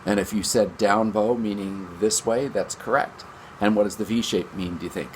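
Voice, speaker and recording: A man's voice: on the low side, fairly even intonation, normal speed, slight background noise. Upbeat man teaching a string lesson. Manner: upbeat, chatty, counts beats aloud. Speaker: music teacher. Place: home basement.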